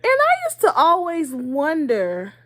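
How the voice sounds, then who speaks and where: Woman, vlogger, high voice, casual monologue, frequent laughs, rhetorical questions. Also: huge pitch swings, a little slow. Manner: playful, laughs often between lines; asks the viewer rhetorical questions.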